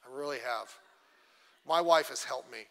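This middle-aged pastor's voice is medium in pitch and fairly bright, moving at a moderate clip. He's teaching a church class conversationally, poking fun at himself and acting out short quotes, with long church-hall reverb around him.

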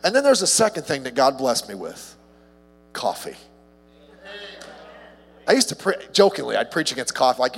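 A man preaching a casual evening sermon as a pastor, chatty and humorous, with his voice jumping higher when he gets excited about a story. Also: fairly quick. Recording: long hall reverb.

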